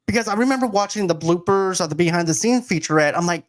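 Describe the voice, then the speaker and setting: A man's voice: high voice, fast. A man co-hosting a casual movie review podcast, easygoing and agreeable as he retells scenes. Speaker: podcast co-host.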